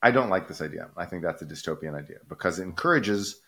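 A man's voice: sits low, quick pace, vocal fry. A man co-hosting a casual podcast discussion, arguing animatedly and often checking in with "right?". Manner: animated, rhetorical, keeps asking "right?". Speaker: podcast co-host.

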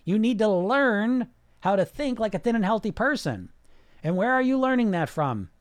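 A man's voice: high voice, big pitch swings, normal speed, smooth, no echo, clean studio sound. Blunt, profane male podcast coach. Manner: blunt, profane, fires rhetorical questions; mocks listeners with put-on whiny voices. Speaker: weight loss coach and podcast host. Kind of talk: casual podcast monologue.

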